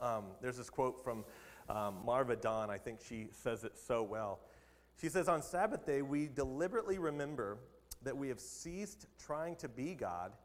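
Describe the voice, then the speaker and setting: Male pastor, mid voice, chatty sermon delivery, echoing sanctuary sound. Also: medium pitch. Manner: conversational, laughs at his own jokes.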